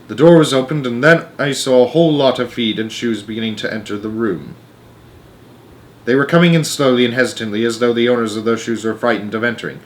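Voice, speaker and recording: A man reading a children's novel aloud as a storyteller, with lively, dramatic delivery. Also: medium pitch, fast talker.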